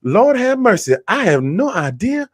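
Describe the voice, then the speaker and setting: A man voicing giddy, gossiping women in heaven in a high, girlish, pleading voice during a comedy bit. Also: sing-song, a little slow, no room sound, studio quality, heavily acted. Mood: gushing.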